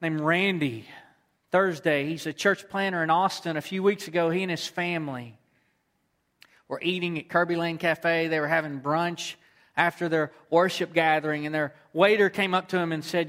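A man's voice: a little high, steady tone, normal speed, fairly bright tone. A man preaching a sermon, telling a story and repeating phrases for emphasis. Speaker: pastor.

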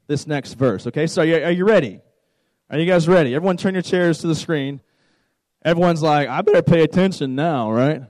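Animated, joking youth pastor man. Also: a little high, dry recording, low-quality recording. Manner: conversational, repeats words, animated and joking. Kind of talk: sermon to a youth group.

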